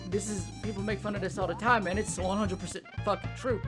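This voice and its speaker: He's high-pitched, holds a steady tone, and talks a little fast, in a South Louisiana accent. The man, in his thirties and from that area, hosts a gaming show, rambling casually as he plays and losing track of his thoughts, with game music in the background.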